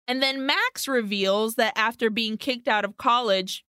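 Animated woman recapping a film. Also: a little high, unhurried, smooth, no room sound, studio quality. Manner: animated retelling, swears freely. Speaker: podcast co-host. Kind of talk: casual chat recapping a film.

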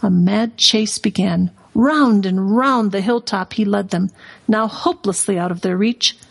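A woman reading a storybook aloud as a guest on a radio talk show in an expressive storytelling manner. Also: mid-range voice, measured pace, gravelly, slightly rough. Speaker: guest, curriculum company president.

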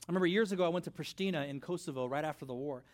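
Middle-aged guy preaching in church, chatty storytelling style, kinda high voice. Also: racing. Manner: conversational, animated storytelling with asides. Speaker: pastor. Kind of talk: sermon.

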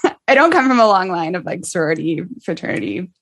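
A woman's voice: fairly low pitch, big pitch swings, fast talker, a bit bright. A woman from Dallas, Texas, a podcast guest chatting casually and laughing easily. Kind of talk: casual chat.

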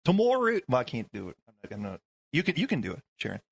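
A man's voice: lowish voice, big pitch swings, fast, vocal fry, a bit bright, slightly rough. A man on a radio talk show who explains points while stammering over repeated words.

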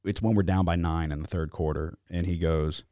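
A man with a very low voice hosts a casual sports podcast. He talks in a loose, animated way and swears freely. The sound is dry and close. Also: brisk, no echo. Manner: animated, profane, venting. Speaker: podcast host.

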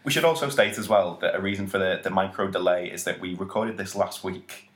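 A man's voice: deep voice, fairly bright tone. A man co-hosting a podcast, joking and asking questions in casual chat. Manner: jokey, quick to laugh, asks questions. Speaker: podcast co-host. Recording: roomy echo.

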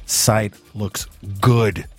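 A podcast host with a fairly low male voice and a Northeastern US upbringing chats in a loose, rambling way. His speech is full of "you know" and restarted phrases. The recording is close and dry, with no room sound. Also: steady tone, drawn-out words, a little mellow, no echo, faint music behind. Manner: rambling, conversational, with frequent fillers and restarts. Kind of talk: casual podcast commentary.

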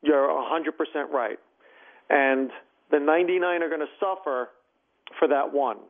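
An emphatic, animated man speaks as a guest on a talk show, telling stories with punch. His voice sits high. He comes through a thin, tinny phone line. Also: normal speed. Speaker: comedian and former judge, guest. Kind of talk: casual interview chat.

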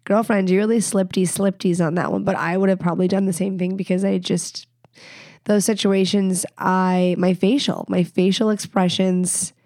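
A woman's voice: mid-range voice, a little mellow, dry recording, studio quality. Congested, blunt woman podcast host. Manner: blunt, candid, quick asides. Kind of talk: casual advice chat.

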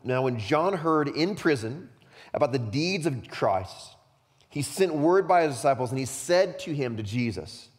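A male pastor preaching a sermon, impassioned and tearful, swinging from hushed words to loud bursts. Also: medium pitch, lively intonation, measured pace. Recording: long hall reverb.

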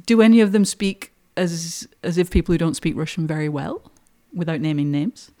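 A woman's voice: fairly low pitch, normal speed, warm tone. A woman hosting a podcast interview, asking long, searching questions. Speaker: podcast host.

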